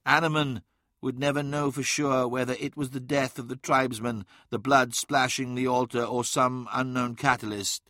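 A man reading an audiobook in a measured, dramatic way. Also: mid-range voice, flat delivery, bright, forceful tone, dry recording, clean studio sound. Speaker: narrator. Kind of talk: scripted audiobook narration.

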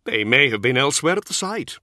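A man voicing a calm, dry-witted scholarly monk who reasons coolly. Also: mid-range voice, brisk, no echo, voice pushed up. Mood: reasoning.

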